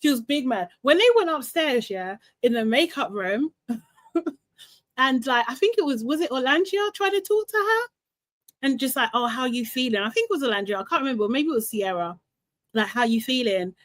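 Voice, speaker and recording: Lively woman dishing reality-show gossip. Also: fairly high pitch, dry recording. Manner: animated and opinionated, mimics people in quotes, laughs often. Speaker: host recapping a reality show. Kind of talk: casual live recap chat.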